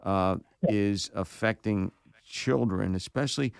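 Gravelly deep-voiced male radio host. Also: dry recording. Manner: halting, repeats words. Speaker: talk show host. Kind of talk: casual radio talk.

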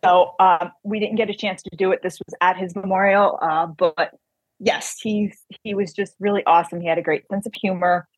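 A woman author telling an animated personal anecdote in casual chat, quoting the people in it. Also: mid-range voice, normal speed, breathy edge, dry recording.

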